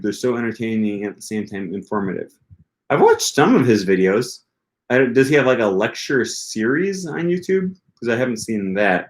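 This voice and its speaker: A man hosting a language-learning livestream, answering viewer questions in a casual, rambling way with lots of hesitant filler words. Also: medium pitch. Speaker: language-learning channel host.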